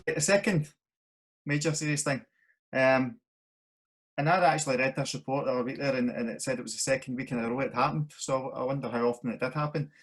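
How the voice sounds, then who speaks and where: A man's voice: mid-range voice, brisk, faint music behind. A Scottish man in his thirties hosts a casual interview, mostly adding brief agreeing words. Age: 30s. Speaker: interview host.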